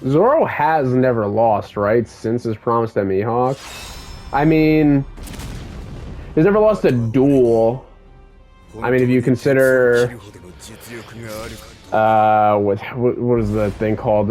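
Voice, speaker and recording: A young man giving casual gameplay commentary, excitable and swearing freely as an enthusiastic fan. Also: medium pitch. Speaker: gaming YouTuber.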